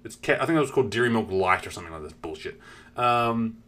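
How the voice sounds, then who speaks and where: A man's voice: lowish voice, animated, fast talker, a bit bright. A man streaming and chatting casually, rambling with lots of fillers and swearing while acting out what people said. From New Zealand. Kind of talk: casual chat.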